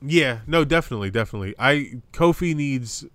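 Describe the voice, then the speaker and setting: A young podcast co-host gets animated in a casual wrestling review chat, rambling with lots of fillers and restarts. His mid-range voice is fairly quick and a bit bright, without echo.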